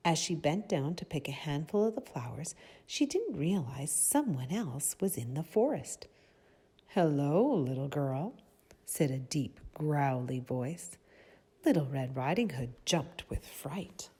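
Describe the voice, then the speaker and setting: Woman reading a children's storybook, slow, gentle, husky low voice, lively melody, asks questions. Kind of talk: storybook read-aloud for children.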